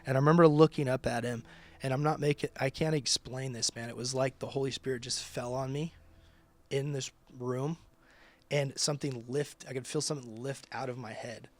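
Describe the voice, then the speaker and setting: A man's voice: mid-range voice, fairly even intonation, brisk. A man who leads a ministry, telling his personal testimony in conversation with emphatic, casual storytelling. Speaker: ministry leader.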